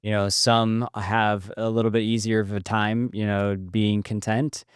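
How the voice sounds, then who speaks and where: Smooth-voiced man hosting a podcast. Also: fairly low pitch, flat delivery, a little slow, no room sound, studio quality. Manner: reflective, hesitant with fillers. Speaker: podcast host. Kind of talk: interview chat.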